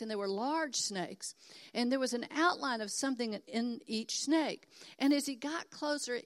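An older woman from Texas preaching a sermon in an earnest, encouraging and emphatic way. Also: a little high. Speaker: pastor.

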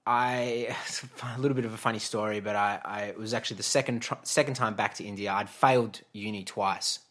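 A man's voice: on the low side, fairly even intonation, a little fast, a bit bright. A man, telling a long personal story as a guest in a casual interview, chatty and laughing, with many fillers and restarts.

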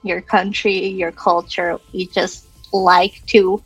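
A woman's voice: fairly low pitch, little pitch movement, slow, husky, no echo, soft background music, poor audio. A woman player chatting casually in a tabletop game, giggly and self-deprecating.

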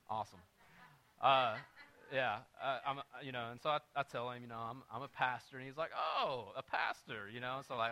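A man preaching a sermon as pastor, telling a personal story and swinging from quiet, conversational storytelling to loud, emphatic preaching. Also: mid-range voice, moderate pace.

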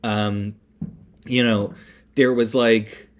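A man hosting a podcast, recapping a film in a rambling, animated way, with many fillers, restarts and swear words. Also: lowish voice, drawn-out words. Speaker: podcast host. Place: indoors, construction noise nearby.

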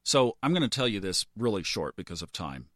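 A man in his fifties hosting a podcast, telling a personal story in an earnest way that builds to animated emphasis. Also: on the low side, a little fast, no echo, studio quality. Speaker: podcast host.

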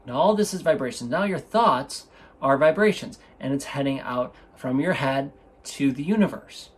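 With a lively, slightly rough mid-range voice at a moderate pace, a man hosts a casual solo podcast. He's enthusiastic and rambling, often breaking off to restart, captured on a studio microphone in an indoor room.

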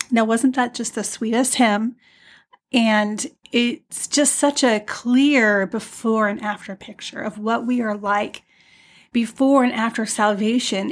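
A woman hosting a devotional podcast, talking gently and off the cuff with fillers, and reading hymn verses slowly and tenderly. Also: on the high side, fairly even intonation. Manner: gentle, unscripted, with fillers and restarts. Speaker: podcast host.

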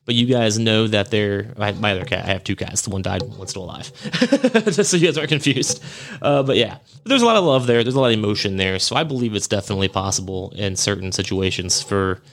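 A podcast host tells a personal ghost story in a casual monologue, rambling, correcting himself, and chuckling at his own expense. His voice is fairly low and a bit bright, with vocal fry and a quick pace.

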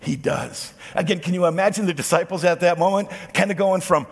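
Male pastor mid-sermon, slightly husky voice pitched a bit high, echoing through a large church hall. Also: a little fast, few pauses. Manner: expressive preaching, voicing quoted speech.

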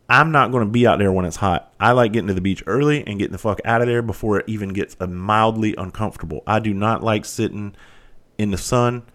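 A man's voice: on the low side, quick pace, fairly bright tone. A man hosting a podcast, talking candidly in a rambling, profane monologue. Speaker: podcast host. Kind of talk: casual monologue.

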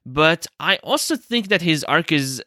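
A man's voice: a little high, big pitch swings, measured pace, sharp tone, no room sound, studio quality. A young man hosting a movie review show, speaking casually and hesitantly, with many fillers and self-corrections. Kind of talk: casual spoken film review.

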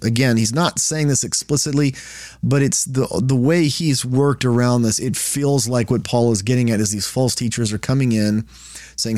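Man, casual Bible teacher, conversational, restarts often, middle pitch, dry sound. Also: steady tone, moderate pace, a little mellow, no room sound. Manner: conversational, frequent "right?" and restarts.

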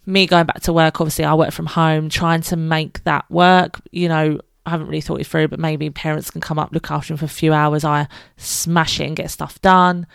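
A British woman chats through her solo podcast in a low, smooth voice with a gravelly edge. She is frank and informal, laughs easily and swears now and then. The sound is close and dry. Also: flat delivery, normal speed, no room sound. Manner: chatty, candid, laughs often, swears freely. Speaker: podcast host. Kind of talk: casual solo podcast chat.

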